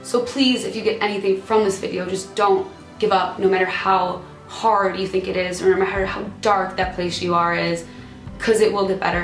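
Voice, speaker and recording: A woman's voice: medium pitch, reverberant. A young woman vlogging about her own past, earnest and fighting back tears as she reads and talks to her viewers. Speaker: YouTuber. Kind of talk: emotional personal vlog. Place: room at a computer or camera.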